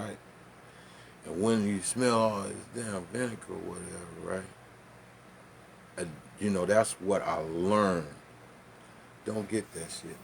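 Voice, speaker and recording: Guy, low voice, cussin and laughin while he talks tobacco, faint hiss behind. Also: creaky. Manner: loose, laughing, profane storyteller. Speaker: vlogger. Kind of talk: casual storytelling and demonstration.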